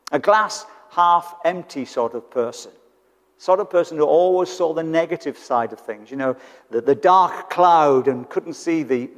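A British man preaching a sermon in church, conversational and fond of rhetorical tag questions. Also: on the high side. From Britain. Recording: church hall with long reverb.

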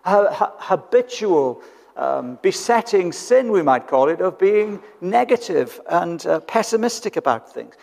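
A man's voice: high voice, sing-song, unhurried, vocal fry, darkish tone. A British man preaching a sermon in church, conversational and fond of rhetorical tag questions. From Britain. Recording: church hall with long reverb.

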